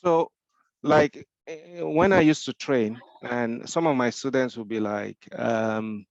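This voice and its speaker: A man with a Nigerian accent speaks as a mentor in a Q&A discussion, his voice gravelly with fry. He explains step by step, asks rhetorical questions and often restarts his sentences. The recording is dull and lo-fi, with a dry, close sound. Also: mid-range voice, a little slow, dry recording.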